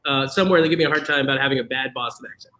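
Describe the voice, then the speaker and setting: A man's voice: mid-range voice, very fast, bright, forceful tone, low-quality recording. A man co-hosting a casual chat, joking and teasing his guests. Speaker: co-host.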